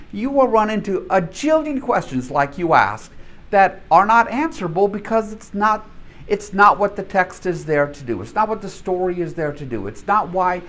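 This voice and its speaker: Older male Bible teacher in his 70s, chatty and animated, voice pitched a little high and swinging a lot, laughs often while teaching. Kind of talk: church class teaching.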